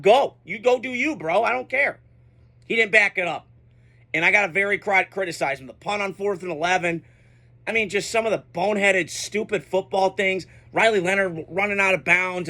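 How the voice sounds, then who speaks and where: Blunt high-voiced young sports ranter. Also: male voice, a little fast, bright, forceful tone. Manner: blunt, unfiltered, profane. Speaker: sports commentator. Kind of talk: casual sports reaction monologue.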